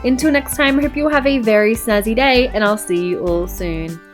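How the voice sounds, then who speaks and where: A woman's voice: a little high, fairly quick, over music. A young woman casually commenting while playing a life-sim game, chatty and playful. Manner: chatty, says "go ahead" often. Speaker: let's-play host.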